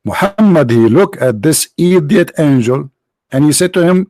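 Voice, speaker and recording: Brief: sarcastic man from the Middle East, choppy English, animated pitch, dry close sound. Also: normal speed, dry recording. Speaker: religion critic. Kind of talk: mocking monologue.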